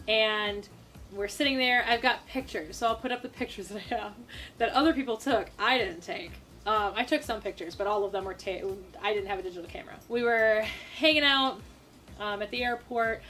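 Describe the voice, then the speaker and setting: A young woman from Minnesota telling a personal story to the camera in a casual, animated way, with quick asides and acted-out quotes. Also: medium pitch, slight background noise. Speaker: storytime vlogger.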